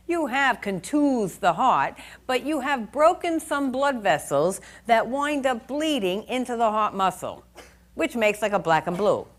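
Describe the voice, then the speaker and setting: A woman's voice: a little high, a bit bright. Middle-aged woman instructor; casual, folksy lecture voice, acts out bits of dialogue. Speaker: nursing exam review instructor. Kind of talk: lecture with personal anecdotes.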